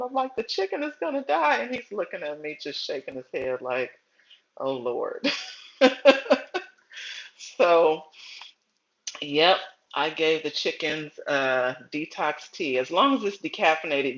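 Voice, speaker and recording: A middle-aged woman hosting a casual gardening livestream, chatty and storytelling, often pausing to greet viewers by name. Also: low-pitched, a bit bright, muffled recording.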